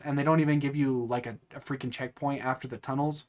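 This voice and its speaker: A man's voice: mid-range voice, flat delivery, fast talker. A young man hosting a casual let's play, chatting and joking with viewers, with bursts of frustration. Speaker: gaming channel host.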